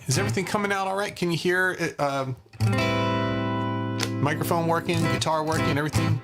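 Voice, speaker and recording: Man, guitar teacher, casual live stream, chatty, many fillers, medium pitch, faint guitar in background. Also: pushed and bright. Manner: chatty, greets viewers by name, lots of fillers.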